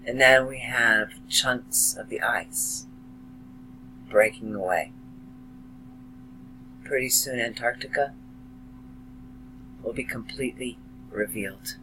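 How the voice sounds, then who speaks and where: Male vlogger, slow heartfelt delivery, bright tone. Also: medium pitch, a little hiss or hum, rough recording. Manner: slow, emotional, heartfelt, dramatic pauses. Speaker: video blogger. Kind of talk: slow earnest monologue to camera.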